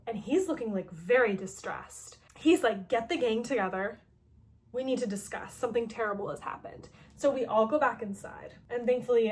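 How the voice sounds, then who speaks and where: A woman's voice: on the high side, slight background noise. Chatty young-sounding woman recapping a game. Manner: chatty, heavy use of "like", quoting characters in quick paraphrase. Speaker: gaming video host. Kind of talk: casual story recap.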